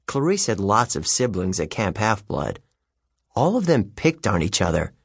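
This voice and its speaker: A man's voice: on the low side, normal speed, vocal fry, husky, dry recording, studio quality. A man narrating a children's audiobook in the first person, with a wry storytelling manner. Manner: lively, wry storytelling with youthful character voices.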